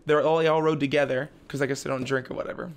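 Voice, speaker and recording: As a guest on a podcast, a young man tells a family story with lots of laughter, often putting on his relatives' voices. His voice is a bit high and gravelly, delivered flatly and very fast, with a slight hiss or hum in the recording.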